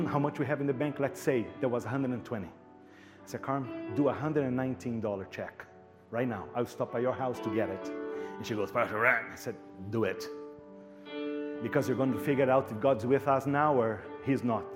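A male pastor tells a story in his sermon. He speaks at an average pitch and animates the dialogue, often repeating his words. Faint music plays behind him. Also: a little fast.

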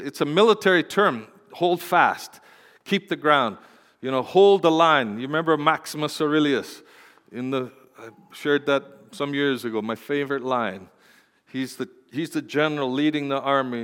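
A man pastor preaching a sermon, swinging between loud, fervent exhortation and quiet, tender storytelling. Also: medium pitch, expressive, moderate pace. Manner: impassioned preaching, rising to loud exhortation and dropping to soft storytelling. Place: church sanctuary. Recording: long hall reverb.

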